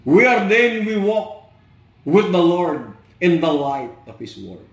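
A Filipino man with a Cebuano accent preaches slowly in a high, animated voice. His lines often fade away at the end. The echoey room rings around him. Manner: switches between English and Cebuano, trails off softly at line ends. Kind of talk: sermon.

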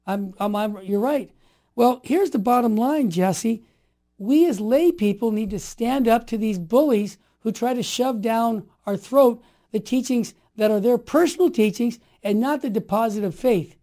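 A man in his sixties telling stories in conversation, emphatic and animated, dropping to quiet asides and rising to forceful exhortations. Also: very high voice, measured pace. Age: 60s. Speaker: guest. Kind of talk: storytelling in conversation.

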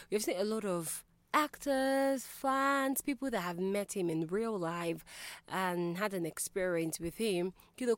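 A woman's voice: mid-range voice, no room sound. A woman hosting a call-in radio show, talking in a reflective, conversational way and putting questions to her listeners.

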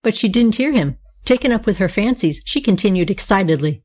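A woman narrating a children's storybook with a lively, expressive reading. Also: mid-range voice, brisk.

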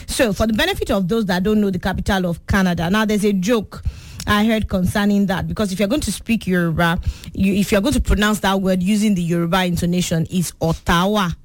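Woman, radio quiz host for kids, patient teacher manner, mid-pitched. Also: fairly even intonation, no room sound, studio quality. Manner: patient, teacherly, repeats questions slowly. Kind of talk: children's quiz show.

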